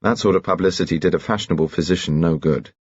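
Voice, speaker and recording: Deep gravelly male narrator. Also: fast talker, no room sound, muffled recording. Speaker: audiobook narrator. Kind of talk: scripted narration.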